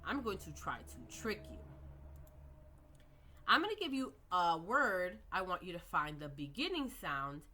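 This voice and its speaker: A woman teaching early reading skills, slowly modelling words and sounds with patient explanations. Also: on the low side, big pitch swings, pushed and bright. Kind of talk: instructional lecture.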